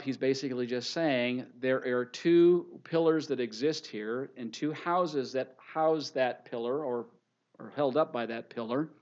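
A man's voice: mid-range voice, darkish tone, highs cut off. A man preaching a sermon, repeating scripture references with emphatic delivery. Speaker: pastor.

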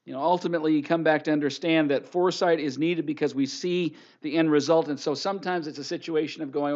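A man's voice: on the high side, fairly even intonation, fast talker, few pauses, a little mellow, muffled recording. A man preaching a sermon, repeating scripture references with emphatic delivery. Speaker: pastor.

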